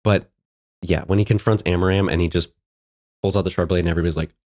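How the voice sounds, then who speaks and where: A man co-hosting a casual book podcast, talking enthusiastically with quick, profane quips. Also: sits low, fairly even intonation, a little mellow. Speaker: podcast co-host.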